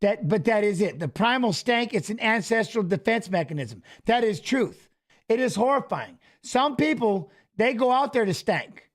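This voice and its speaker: A man co-hosting a casual live-stream watch-along, excitable and joking, laughing often. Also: sits high, moderate pace.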